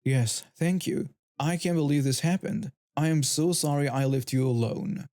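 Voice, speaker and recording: A man's voice: a little high, moderate pace, mellow, dry recording, clean studio sound, close to an everyday voice. A man voicing an anxious, gushing teenage girl friend. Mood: apologetic.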